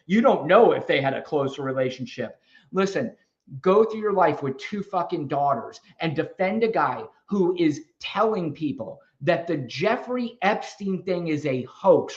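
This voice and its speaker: A fired-up man hosts a live debate stream, his voice a bit high and bouncing all over as he lectures callers. He curses freely and sounds confrontational. The audio is dull and lo-fi. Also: big pitch swings, a little slow. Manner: combative, profane, lecturing. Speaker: livestream host.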